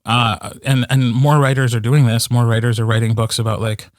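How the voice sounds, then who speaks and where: A man's voice: mid-range voice, a little fast, no echo. Guy chatting on a podcast, dry close sound, lots of ums and likes. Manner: animated, many fillers and restarts. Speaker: audiobook narrator, co-host. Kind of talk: casual podcast chat.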